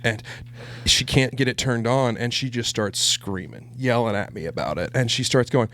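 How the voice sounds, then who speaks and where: A man co-hosting a podcast, telling an animated story in casual chat and breaking into shrill impressions of a toddler. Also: moderate pace, dry recording. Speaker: podcast co-host.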